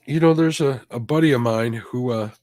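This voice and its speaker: A man's voice: medium pitch, normal speed, a little mellow, no room sound. A man co-hosting a fishing show, chatting easily, reading out viewer comments and telling a friend's story. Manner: easygoing, reads viewer comments, chuckles. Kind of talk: casual chat while fishing.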